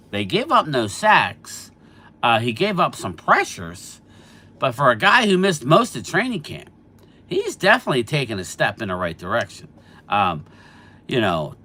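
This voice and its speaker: A man's voice: medium pitch, pushed and bright. A middle-aged man casually hosting a live stream, chatting about football and answering viewers by name, a bit stuffy from allergies. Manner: chatty, reads out viewer names and replies. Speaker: sports channel host answering live chat.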